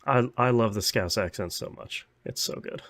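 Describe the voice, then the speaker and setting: A man's voice: on the low side, moderate pace, a bit bright, no room sound. A man from the United States co-hosting a podcast in an easygoing, enthusiastic way. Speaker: podcast co-host. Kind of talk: casual chat.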